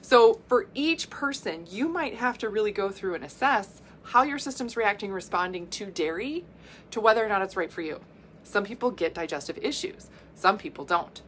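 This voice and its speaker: A woman giving a casual health talk as a coach, chatty and quick to laugh, explaining things with lists and asides. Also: mid-range voice, animated, a bit bright, slight background noise.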